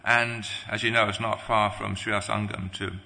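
A man preaching a devotional sermon, halting, with many restarts and pauses. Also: on the low side, little pitch movement, creaky, pushed and bright, big-room sound.

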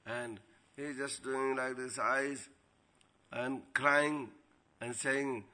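A man giving a devotional storytelling talk as a spiritual teacher, animated and often laughing. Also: mid-range voice, slow.

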